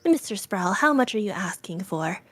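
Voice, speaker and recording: A woman voicing a brisk, good-humored young groom in a storybook reading. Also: medium pitch, lively intonation, faint music behind, close to an everyday voice.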